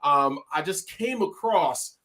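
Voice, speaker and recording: A high-voiced man hosts a live online chat show with playful, hyped-up energy. He talks fast and teases his audience, and his voice sits well above most men's. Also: lively intonation, sharp tone. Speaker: host. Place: home studio in California.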